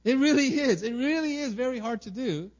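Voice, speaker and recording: A man's voice: very high voice, animated, brisk. Man preaching casually, dull sound. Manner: casual, conversational preaching with frequent "right?" asides; acts out small everyday quotes in muttering asides. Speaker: pastor. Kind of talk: sermon.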